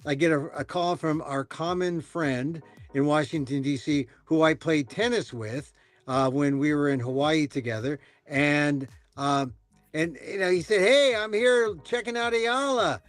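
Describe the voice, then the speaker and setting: A man hosting a casual talk show, rambling and animated, with many restarts. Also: a little high, a little slow, no echo. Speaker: podcast host. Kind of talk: casual chat.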